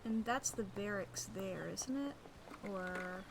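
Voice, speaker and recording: A woman's voice: medium pitch, takes it slowly, noisy background. A woman streaming a game, chatting casually and playfully, thinking aloud and humming silly noises. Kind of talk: casual gameplay commentary. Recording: game music behind.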